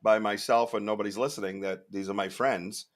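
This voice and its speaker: A man's voice: fairly low pitch, steady tone, brisk. A man hosting a podcast, talking in a plainspoken, affirming way. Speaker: podcast host. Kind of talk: casual chat.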